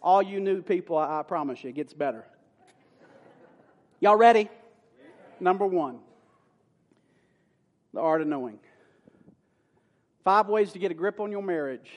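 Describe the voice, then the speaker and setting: A man's voice: high voice, lively intonation, a little slow, pauses often, highs cut off. A man pastor preaching a sermon in a church, folksy and playful with sudden emphatic bursts. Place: church sanctuary. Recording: long hall reverb.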